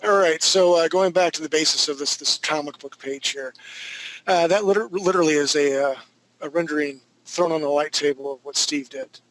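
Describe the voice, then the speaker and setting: A man with a fairly high voice teaches a live online art class. He rambles casually, jumping into jokey stories and quick asides as he goes. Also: fairly bright tone, a little hiss or hum, poor audio.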